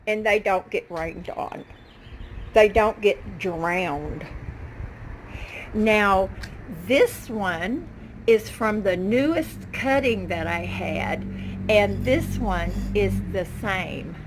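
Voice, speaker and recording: Out in her backyard garden, a woman talks very slowly to her viewers in a medium-pitched voice, doing a casual show-and-tell of the plants she loves. The background is noisy.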